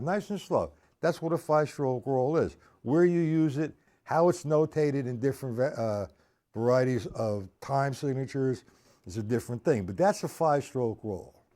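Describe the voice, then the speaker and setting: A man's voice: medium pitch, expressive, moderate pace, dark tone. A man teaching drum rudiments on a live stream, counting beats aloud and chatting with viewers in the chat.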